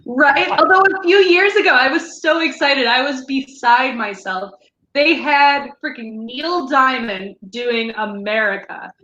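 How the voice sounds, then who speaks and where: A woman with a high, bright voice co-hosts a casual podcast chat, eager and quick to steer the conversation onward. Her voice rings a little in an echoey room. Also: highs cut off, a little hiss or hum. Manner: chatty and enthusiastic, steering the conversation. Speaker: podcast co-host.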